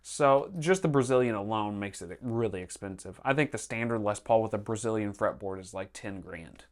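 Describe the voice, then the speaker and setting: A man's voice: lowish voice, normal speed. Rambling male guitar-show co-host. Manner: rambling, loose, with fillers. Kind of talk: casual chat about guitars.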